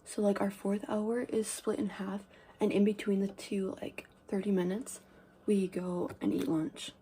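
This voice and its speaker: A teenage girl rambling through a casual get-ready-with-me story, full of "like" and "um", with quiet asides. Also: mid-range voice, flat delivery, unhurried, a little hiss or hum. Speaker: vlogger.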